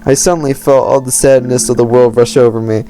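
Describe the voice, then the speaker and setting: A man's voice: mid-range voice, steady tone, a little fast, mellow, faint music behind, lightly acted. A man reading as a clumsy unlucky adventurer. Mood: rueful. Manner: self-deprecating storytelling, stumbles over hard words. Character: clumsy, unlucky, anxious young tavern adventurer. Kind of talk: reading game dialogue aloud.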